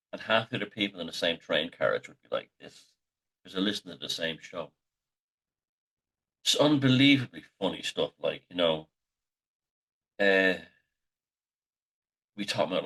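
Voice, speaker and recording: A man's voice: deep voice, fairly bright tone. A middle-aged man, the host, telling rambling, sweary anecdotes in a casual monologue.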